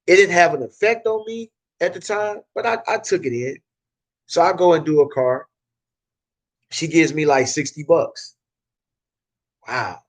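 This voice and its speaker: Emphatic Southern man, repeating himself. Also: a little high. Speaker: car detailing business owner. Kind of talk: casual advice talk to camera.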